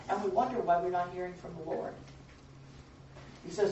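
A man's voice: sits high, moderate pace, pauses often, dark tone. A man teaching scripture in a conversational, storytelling way, often asking his listeners if they follow. He sounds distant from the mic, and his voice rings around a very echoey room. The recording is dull, with faint noise underneath. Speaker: preacher, Bible teacher. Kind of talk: informal sermon, storytelling.

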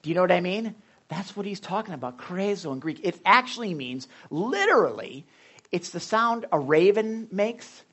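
Man, pastor, sermon, animated, joking asides, fairly high voice. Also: moderate pace, slightly rough. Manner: animated, conversational preaching with asides and jokes. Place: hot church room.

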